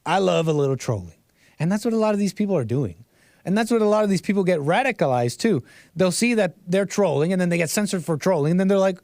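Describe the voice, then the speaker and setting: A man's voice: sits high, expressive, fast, darkish tone, no room sound, studio quality. Man casually ranting on a livestream. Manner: rambling, restarts phrases, tags sentences with "right?"; chuckles between remarks. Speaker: livestream host.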